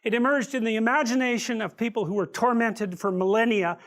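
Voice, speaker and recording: A man's voice: very high-pitched, fairly even intonation, brisk, fairly bright tone. A man lecturing to a room of students, telling a story with vivid asides and often restarting his phrases. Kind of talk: university lecture.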